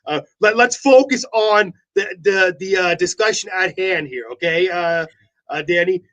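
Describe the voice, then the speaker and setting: High-voiced man co-hosting a morning show. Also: measured pace, fairly bright tone, dull audio. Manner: playful, mock-defensive teasing. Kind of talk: joking banter on a morning show.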